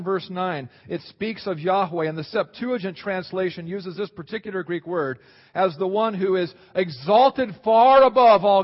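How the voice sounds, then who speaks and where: A man preaching a sermon as a pastor, animated, swinging between quiet asides and loud exclaims. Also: high voice. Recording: dull sound with long hall reverb.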